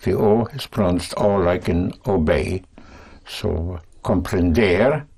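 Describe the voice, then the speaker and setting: A man teaching a language lesson, speaking patiently and deliberately in short phrases. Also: sits low, mellow, husky.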